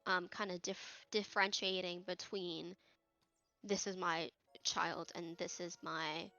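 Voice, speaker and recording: A woman's voice: on the low side, little pitch movement, slow pace, bright, forceful tone, dry recording, highs cut off, soft background music. A young woman chatting casually about an episode, emotional and candid, laughing and swearing freely. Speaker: cast member on a recap show. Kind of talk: casual recap chat.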